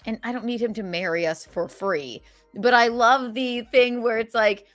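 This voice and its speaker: A woman hosting a comedy podcast, chatting in casual banter with mock indignation and quick acted-out quotes. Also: a little high, faint music behind.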